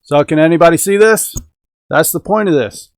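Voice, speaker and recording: A man's voice: on the high side, moderate pace, dry recording. Upbeat dry-sounding middle-aged man. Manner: chatty, upbeat, talks to viewers and the chat. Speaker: host of a radio-control hobby live stream. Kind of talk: casual live-stream chat. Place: home indoors.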